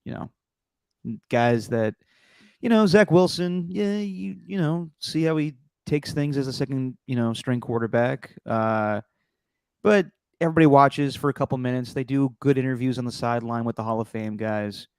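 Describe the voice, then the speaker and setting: Male podcast co-host, mid pitch, loose rambling delivery, dry recording. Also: moderate pace, darkish tone, smooth, no echo. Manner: rambling, restarts with many you-knows. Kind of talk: casual sports chat.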